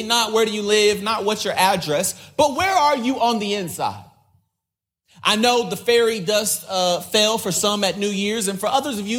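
A man delivers a sermon as a pastor, mixing scripture with slangy, conversational asides. His voice sits slightly high for a man, and he slips into quick impressions of the people in his stories. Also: fairly bright tone. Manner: casual and slangy, acts out quoted voices; repeats key lines with emphasis.

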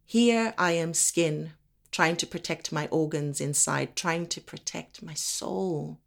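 A woman performing a spoken word monologue from Africa, with a measured, deliberate delivery and slow emphatic pauses. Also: low voice, gravelly.

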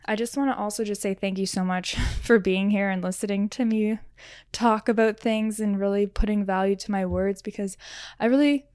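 A woman's voice: medium pitch, steady tone, normal speed, a little mellow, no room sound, studio quality. A woman hosting a solo podcast as a riding coach, talking in an earnest, reflective way with many "like" fillers.

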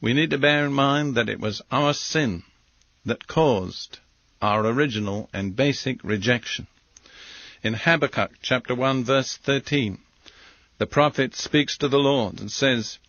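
A man preaching a sermon as a Bible teacher, speaking in measured, deliberate short phrases. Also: mid-range voice, a bit bright, no room sound. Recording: dull, lo-fi dry recording.

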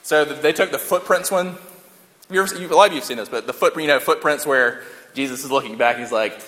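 Higher-voiced man preaching in a reverberant hall. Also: fast, a bit bright. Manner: conversational, repeats key lines for emphasis, jokes along the way. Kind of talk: sermon.

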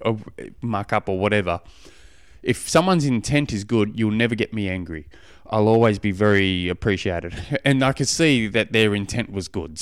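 A man's voice: on the low side, clean tone, no echo, clean studio sound. A man hosting a podcast, telling a long personal story in a rambling, self-deprecating way with many restarts. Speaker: podcast host. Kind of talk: casual spoken monologue.

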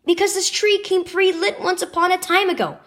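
A woman's voice: very high-pitched, fairly even intonation, brisk, a bit bright, voice pushed up. A woman voicing an irritated girl in a storybook reading, huffy and exasperated. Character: irritated older sister, a kid.

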